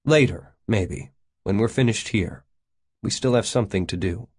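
A man's voice: lowish voice, moderate pace, a little mellow, husky, no room sound, studio quality. A man voicing a determined young husband who speaks with urgency. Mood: firm.

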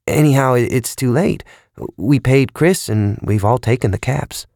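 A man's voice: mid-range voice, normal speed, vocal fry, darkish tone, no room sound, studio quality, voice pushed up, lightly acted. A man narrating a story, voicing a dim-witted man who stammers and fumbles his words. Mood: sheepish.

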